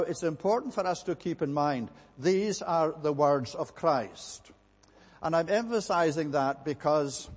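A man preaching a sermon in a measured, emphatic way, pausing often with "uh" as he builds his points. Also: on the high side, darkish tone, long reverb tail.

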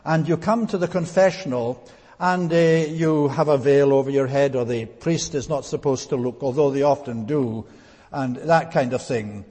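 A man preaching an expository Bible sermon as pastor, deliberate and teacherly with frequent hesitations. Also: mid-range voice, darkish tone, slightly rough, long reverb tail.

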